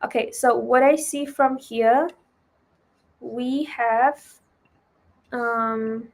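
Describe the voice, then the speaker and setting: A woman's voice: a little high, steady tone, very slow. A woman with a German accent, a non-native speaker of English, chatting loosely as she teaches trading on a live stream, with many fillers and "right?" tags.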